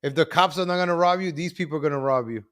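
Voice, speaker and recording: A man hosting a live commentary stream, animated and repetitive, calling out to viewers as ladies and gentlemen. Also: fairly high pitch, very fast, clear, resonant tone. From New York.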